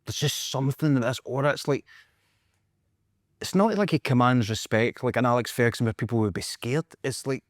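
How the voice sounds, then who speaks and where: A Scottish man, a podcast co-host, telling a story in casual chat, animated and acting out quotes with frequent laughs. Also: mid-range voice, brisk, no echo, studio quality. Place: podcast studio.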